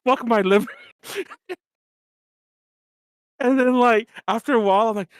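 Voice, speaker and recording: High-voiced, laughing young man telling a story. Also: takes it slowly, long pauses, clear, resonant tone, no room sound, studio quality. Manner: animated, laughing, swearing, acts out his own drunk yelling. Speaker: podcast co-host. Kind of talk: casual storytelling chat.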